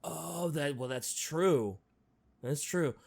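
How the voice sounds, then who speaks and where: A man's voice: a little high, takes it slowly, gravelly, a little mellow. A man co-hosting a casual chat, reacting to his friend with sarcastic, swearing remarks. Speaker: podcast co-host.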